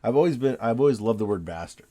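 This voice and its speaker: A man's voice: medium pitch, lively intonation, fast, warm tone. A man talking casually as he draws, rambling and self-correcting as he goes. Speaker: artist drawing on video. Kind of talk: casual talk while drawing.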